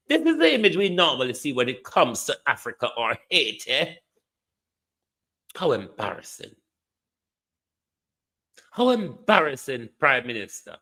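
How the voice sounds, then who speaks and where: A man's voice: medium pitch, pushed and bright. A man with a Jamaican accent giving indignant, mocking political commentary, repeating phrases for emphasis.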